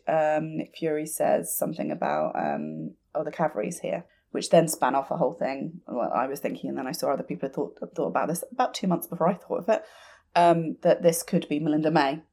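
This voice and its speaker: Woman, podcast co-host, low gravelly voice, rambling casual chat. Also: big pitch swings, moderate pace, mellow. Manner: chatty and rambling, with many restarts and fillers.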